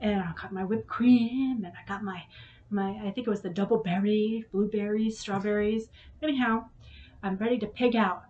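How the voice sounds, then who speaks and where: A woman's voice: mid-range voice, fairly even intonation, normal speed, a little mellow, dull audio. A woman hosting a vlog, telling a personal story to her son in a frank, emotional way and swearing when upset.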